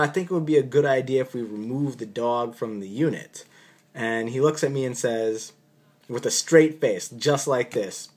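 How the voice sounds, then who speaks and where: Man, doctor, casual storytelling, dry sarcastic delivery, mid-range voice. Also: medium pitch. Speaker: physician recounting an on-call shift.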